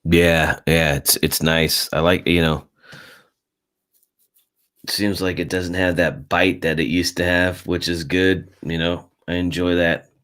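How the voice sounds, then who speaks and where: A man's voice: low voice, little pitch movement, unhurried, a bit bright. A man co-hosting a casual fight talk show, rambling with many fillers and a lot of swearing. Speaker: podcast co-host. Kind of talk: casual chat.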